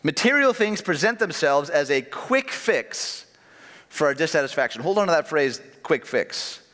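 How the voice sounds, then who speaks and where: A man in his thirties delivers a sermon in an easygoing, talkative way, tossing questions and asides to his listeners. His voice sits a little high for a man. The sound carries a long, ringing reverb from a large hall. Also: lively intonation, moderate pace, fairly bright tone. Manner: conversational preaching with asides and questions to the congregation. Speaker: pastor.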